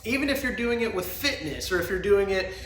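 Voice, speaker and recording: A man with a fairly high voice hosts his solo podcast, rambling from one opinion to the next with crude jokes and frequent laughs. His voice rings in an echoey room with a faint hum underneath. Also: expressive, a little fast, fairly bright tone. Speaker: podcast host.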